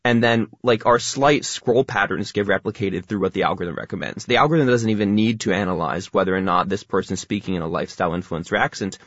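A man talking quickly as a radio guest, explaining ideas at length in a casual way. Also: lowish voice, fairly bright tone, no room sound, dull audio. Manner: fast talker, explains at length.

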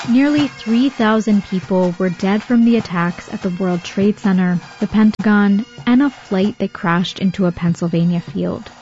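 Woman reporter with a mellow voice. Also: medium pitch, dull audio. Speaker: radio news reporter. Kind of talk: scripted news narration.

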